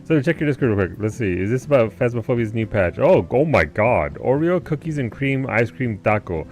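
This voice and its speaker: A man's voice: medium pitch, big pitch swings, brisk, darkish tone, soft background music. A man live-streaming who chats casually with his viewers, laid-back, greeting people by name and swearing now and then. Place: home basement.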